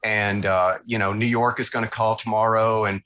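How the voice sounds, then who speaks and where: A man with a Southern American accent, a guest illustrator telling animated, self-mocking stories in a casual interview. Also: fairly low pitch, moderate pace, poor audio.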